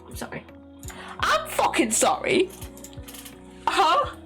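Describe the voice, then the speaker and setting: A woman's voice: very high-pitched, huge pitch swings, takes it slowly, fairly bright tone. A young woman streaming a word-guessing game, swearing constantly and thinking aloud as she tries out guesses. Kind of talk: casual game commentary. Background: faint lo-fi music.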